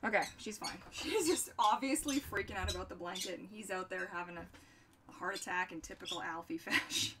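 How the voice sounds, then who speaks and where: A young woman chats casually on a livestream and often turns aside to talk to her pets, in an animated, lively way. The mic sits some way from her. Steady background noise runs under her voice. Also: mid-range voice, fairly quick, distant mic. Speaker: livestream host.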